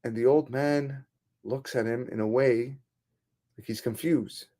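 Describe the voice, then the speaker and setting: A man who is a rabbi, telling a story in a sermon in an animated, dramatic way. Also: mid-range voice, unhurried.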